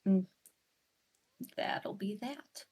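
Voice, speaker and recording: A woman's voice: mid-range voice, extremely slow, a little mellow, slightly rough. A woman playing a tabletop game, chatting casually and joking. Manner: playful, joking. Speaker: player.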